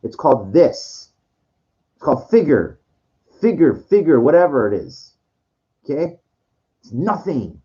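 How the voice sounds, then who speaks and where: A streamer with a slightly high voice that swings widely in pitch speaks at a measured pace, leaving long pauses. His tone is warm, though the recording's highs are cut off. He rambles through a monologue full of restarts and swearing, now and then acting out others' words in put-on voices.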